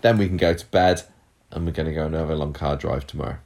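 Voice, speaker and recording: A man co-hosting a casual podcast, chatting and reading out listener messages with quick asides. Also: a bass voice, vocal fry, darkish tone. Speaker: podcast co-host.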